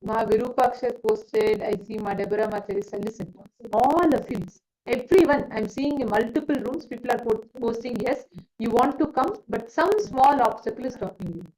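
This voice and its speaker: A woman with a high voice leads an online spiritual gathering. She calls on participants by name and tells an earnest parable. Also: moderate pace, a little mellow, low-quality recording. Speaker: spiritual session facilitator. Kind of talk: storytelling sermon.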